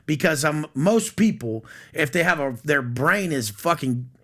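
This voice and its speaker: A man's voice: on the high side, lively intonation, unhurried, fairly bright tone. A man talking bluntly and profanely as a guest on a podcast. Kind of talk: casual podcast chat.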